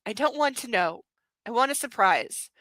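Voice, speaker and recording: A woman's voice: fairly high pitch, lively intonation, normal speed, a bit bright, dry recording. A woman reading the lines of a smug, possessive male mob boss lover in a murmured way.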